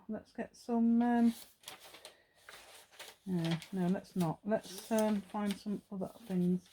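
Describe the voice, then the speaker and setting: A woman talks her way through a craft project at home in a casual, rambling manner, her voice sitting at a medium pitch. She thinks out loud and chats to herself as she works, with a faint hiss behind her. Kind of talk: chatty craft demonstration.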